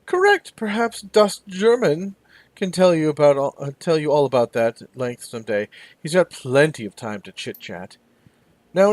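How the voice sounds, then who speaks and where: A man voicing a flamboyant, condescending male elf in a video game, in a high, theatrical, sing-song voice. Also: no echo, natural voice.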